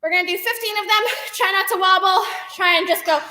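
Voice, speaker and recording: Bright, pushed, and very high-pitched, this young woman talks fast while leading a gymnastics session online. Her fitness instruction is cheerful and full of laughter, and she's winded from exercising; the room echoes and music plays in the background.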